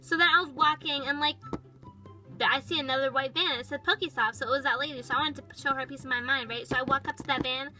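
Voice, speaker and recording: A woman's voice: high-pitched, fairly even intonation, fast, music in the background, lightly acted, low-quality recording. A woman voicing a bratty, dramatic young female toy pet, telling a toy storytime with valley-girl chatter full of "like". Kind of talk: toy-figure storytime narration.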